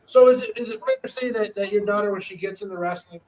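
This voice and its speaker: A man's voice: sits high, fast, poor audio. A man hosting a podcast in casual chat, talking loosely and restarting his words often. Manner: chatty, repeats words as he restarts. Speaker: podcast host.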